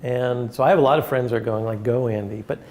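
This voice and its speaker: A man giving an academic talk and taking questions from the audience, speaking earnestly and in a measured way, often restarting his sentences. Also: mid-range voice, fairly even intonation, darkish tone. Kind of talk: lecture with questions.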